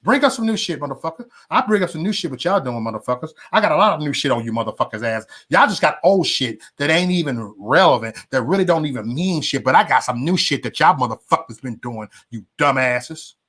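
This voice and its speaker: A man's voice: medium pitch, animated, brisk, hardly any pauses, a bit bright, breathy edge. A man hosting a livestream, ranting heatedly and profanely at his viewers with emphatic repetition and stammered restarts. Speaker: livestream host.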